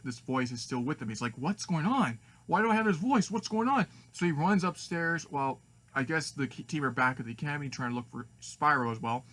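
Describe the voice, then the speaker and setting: A man's voice: mid-range voice, pushed and bright. A man rambling through a fan story idea with many restarts and fillers. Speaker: fan video maker.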